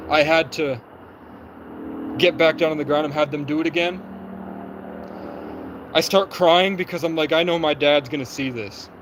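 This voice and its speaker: A young man talks to his livestream from somewhere outdoors, his voice sitting a little high. He tells his story in an agitated, rapid rush and acts out the lines of others as he goes. Faint street and traffic noise runs behind him. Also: low-quality recording. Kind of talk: livestream monologue.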